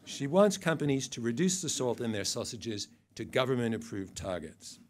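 An older man presents a tongue-in-cheek award before a live audience, his delivery dry and mocking. He pauses for wry asides and reads out quotes with mock gravity. Faint noise sits under his voice. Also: mid-range voice, sing-song. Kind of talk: satirical awards speech.

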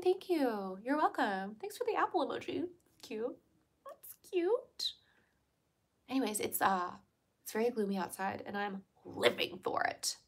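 A woman's voice: fairly high pitch, vocal fry, a bit bright. A young adult woman hosting a livestream, chatting casually, giggling and answering her chat. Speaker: livestream host.

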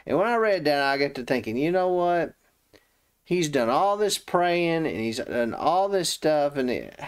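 A man giving casual Bible commentary, retelling the story in his own words and acting out the people in it. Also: medium pitch. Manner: acts out the quoted speakers. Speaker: Bible teacher.

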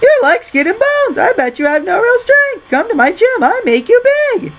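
Gamer squeaking as a pushy gym recruiter. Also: big pitch swings, normal speed, heavily acted. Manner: broken, salesy, squeaky shouting. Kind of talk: let's-play commentary with put-on voices.

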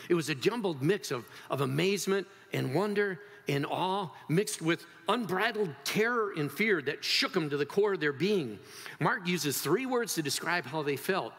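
A male pastor preaching a sermon, telling the story with animated swings between loud, high moments and quiet, low ones. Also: normal speed. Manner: animated storytelling with wide swings in pitch and loudness. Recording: long hall reverb.

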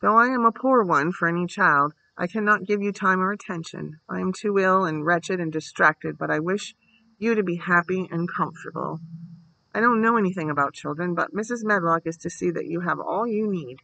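A man voicing a gloomy, grieving gentleman guardian who speaks in a fretful, distracted way. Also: high-pitched, moderate pace, creaky, no room sound, full character voice, rough recording. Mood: weary gloomy.

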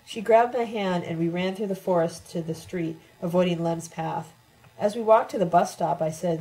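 A woman narrating a novel in the first person with a plain, steady reading. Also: lowish voice, normal speed, rough recording. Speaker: audiobook narrator.

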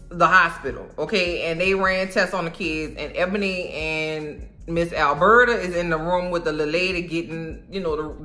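A woman with a bright, forceful voice tells a movie plot as a comedy bit. She is loud and animated, swears freely and jumps into the characters' voices. Music plays faintly under her. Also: fairly low pitch. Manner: animated and profane, acts out characters, frequent laughter. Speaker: movie reaction vlogger.

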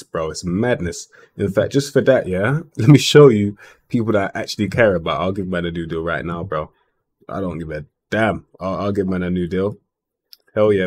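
A young man commenting on his football management game, ranting in slang with frustrated outbursts. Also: deep voice. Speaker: gaming YouTuber.

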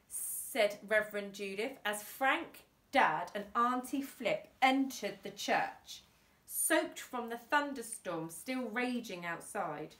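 A woman teacher from England reads a storybook aloud. Her delivery is slow and very animated. The room is echoey. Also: mid-range voice, far from the mic. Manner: expressive, unhurried. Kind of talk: storybook reading.

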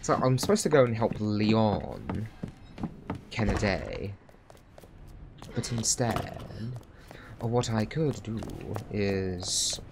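A man's voice: lowish voice, big pitch swings, takes it slowly, gravelly, pauses often, noisy background. A man chatting casually over a game stream, swearing freely and talking to the characters on screen. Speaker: gaming streamer. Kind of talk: casual let's-play commentary.

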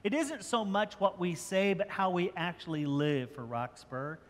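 A man's voice: high voice, unhurried. Older man preaching in an echoing church. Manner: conversational preaching with repeated restarts. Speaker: pastor. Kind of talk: sermon. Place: church sanctuary. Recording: church hall with long reverb.

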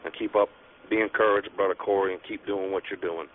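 A man, a church elder, calling in to a radio show, earnest and halting with many pauses. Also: low voice, steady tone. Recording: phone line with faint noise.

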